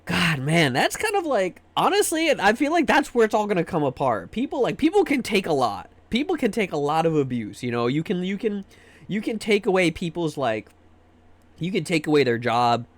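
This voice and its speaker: Rambling and profane, a young American livestream host rants casually, repeating words whenever he restarts a sentence. He speaks at normal speed in a high, sing-song voice, with no echo on the recording.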